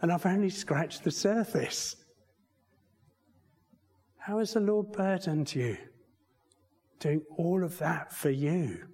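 Conversational preacher in a reverberant hall. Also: male voice, a little high, slow, pauses often, a little mellow, husky. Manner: conversational, repeats phrases and restarts, asks rhetorical questions. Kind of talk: sermon.

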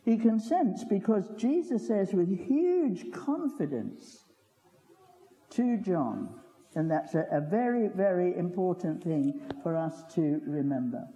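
An older man preaching in a long-reverb church hall, his voice darkly mellow and lively in pitch. He talks in a folksy, chatty way, with asides and questions to his listeners. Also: slow pace. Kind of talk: sermon.

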